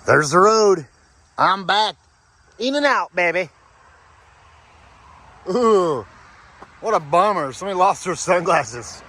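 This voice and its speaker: A man's voice: high-pitched, animated, slow pace, long pauses, pushed and bright. A man filming himself while hiking on a forest trail, giving an upbeat, chatty casual vlog update and often tossing in "baby". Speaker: thru-hiker vlogger. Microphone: handheld camera, selfie.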